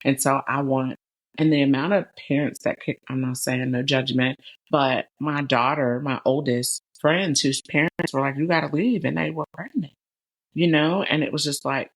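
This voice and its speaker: A woman's voice: extremely low pitch, fairly even intonation, normal speed. A middle-aged woman hosting an interview podcast, talking animatedly and calling her listeners "y'all". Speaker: podcast host. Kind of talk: conversational interview.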